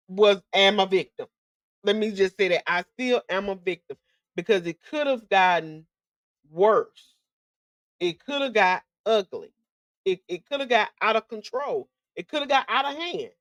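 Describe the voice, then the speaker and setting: A young woman recounts her own experience as a podcast host, in a candid, emphatic way that loops back on words. Her speech is slangy and casual, her pitch sits mid-range for a woman, and the recording is close and dry with no room sound. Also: no room sound, highs cut off. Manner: candid and emphatic, with frequent repetitions. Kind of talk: personal storytelling.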